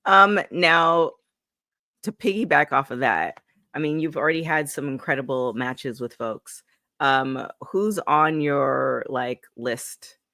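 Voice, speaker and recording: Bright chatty woman host, dry sound. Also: extremely low pitch, slow pace, no room sound. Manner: chatty, enthusiastic, many restarts. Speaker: interview host. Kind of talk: casual interview.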